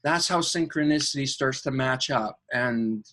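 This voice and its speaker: Bright-voiced enthusiastic male coach. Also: unhurried. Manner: acts out angels' voices in a higher, excited tone; enthusiastic, spiritual coaching talk. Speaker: podcast guest, coach. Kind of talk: animated storytelling interview.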